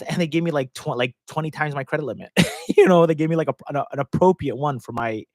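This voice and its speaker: A man rambles through a relaxed live-stream Q&A, often breaking into laughter mid-sentence. His voice sits at a middling pitch and is picked up close on the microphone. The sound is dry, with no room echo. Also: quick pace. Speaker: host answering viewer questions. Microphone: close desk microphone.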